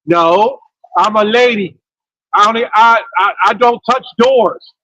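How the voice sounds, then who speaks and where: A woman's voice: mid-range voice, measured pace, fairly bright tone, dry recording, highs cut off. A man mimicking a haughty woman on a date who insists she does not touch doors, in a prim, stubborn manner.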